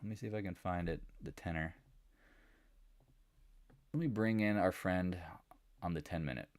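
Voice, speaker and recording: A man's voice: sits low, normal speed, no room sound, clean studio sound. A middle-aged man hosting a casual live stock market recap, joking and mimicking imagined viewers in put-on voices. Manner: animated, jokey, mimics imagined viewers and accents.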